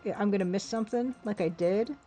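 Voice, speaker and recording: A woman's voice: medium pitch, fast, dark tone, soft background music. A woman streamer giving casual, chatty commentary on a game she plays, often breaking off mid-thought. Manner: chatty, self-interrupting.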